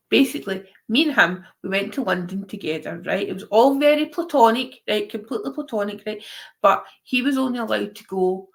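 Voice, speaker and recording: A woman's voice: mid-range voice, gravelly. A Scottish woman telling a funny story in casual chat, swearing, laughing often and acting out the other voices. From Scotland.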